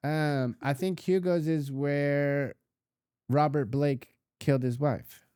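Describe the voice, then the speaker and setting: A man's voice: a little high, fairly even intonation, takes it slowly, warm tone, clear, resonant tone, dry recording, clean studio sound. A man co-hosting a podcast, talking in a laid-back, rambling way that loses the thread mid-sentence. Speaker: podcast co-host. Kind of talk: casual chat.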